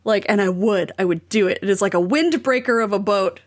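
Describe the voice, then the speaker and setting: A woman's voice: mid-range voice, a little fast. A woman co-hosting a podcast in casual chat, with playful, exaggerated banter. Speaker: podcast co-host. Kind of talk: casual chat recapping a TV show.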